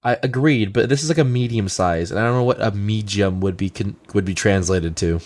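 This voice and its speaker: Low-voiced playful podcast guy. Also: brisk, darkish tone, no echo. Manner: playful, swears freely, acts out joke voices. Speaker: podcast co-host. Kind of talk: casual chat.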